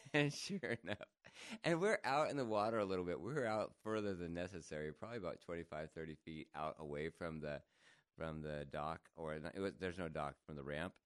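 A man telling a funny story in casual chat, laughing often and jumping higher when he quotes people. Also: brisk, clean tone, no echo, clean studio sound. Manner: animated, laughs often, jumps to higher pitch for quoted voices.

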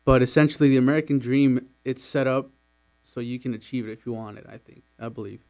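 A man in his twenties, from Mexico, speaks at a middle pitch as a studio guest. He answers slowly and thoughtfully, often pausing on uh and um. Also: little pitch movement, mellow, clear, resonant tone. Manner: thoughtful, hesitant with many fillers. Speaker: radio guest, college student. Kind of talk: interview answers. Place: radio studio.

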